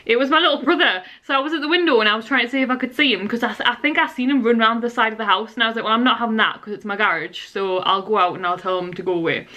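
Chatty woman vlogging, bright voice. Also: on the high side, racing, few pauses. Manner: chatty, rambling, lively storytelling. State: tired and out of breath. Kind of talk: casual vlog chat to camera. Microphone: handheld camera.

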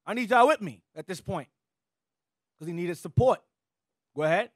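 A man's voice: high voice, animated, moderate pace, no echo. Dry-voiced man leading scripture class. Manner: directive, interjecting "go ahead" and explaining in casual slang. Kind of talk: Bible class teaching.

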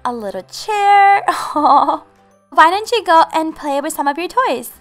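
A woman's voice: extremely high pitch, expressive, takes it slowly, faint music behind. A woman hosting a game channel, giving bubbly, giggly roleplay commentary to her viewers.

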